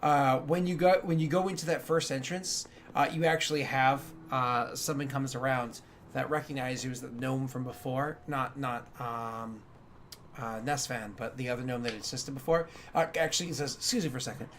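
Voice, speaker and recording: A man's voice: mid-range voice, fairly even intonation, moderate pace, a bit bright, a little hiss or hum. A man narrating as game master, rambling with many fillers and restarts.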